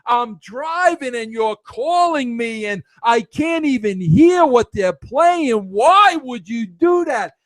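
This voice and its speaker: A man voicing his exasperated young adult daughter, complaining in rapid-fire questions. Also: on the high side, lively intonation, no room sound, pitched above the performer's own voice. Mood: indignant. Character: exasperated young college woman, indignant daughter.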